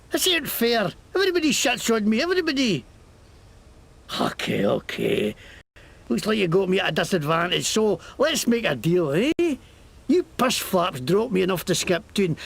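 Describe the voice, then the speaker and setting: Brief: profane Scottish game rogue, high gravelly voice that swings wildly, self-pitying. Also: male voice, heavily acted. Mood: whining. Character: bitter cornered male Scottish-claiming scoundrel.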